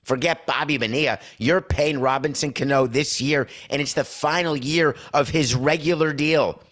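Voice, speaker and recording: A man's voice: a little high, steady tone, moderate pace, a bit bright. A middle-aged man hosting a sports podcast, giving emphatic, sarcastic opinionated commentary in punchy lists. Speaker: podcast host.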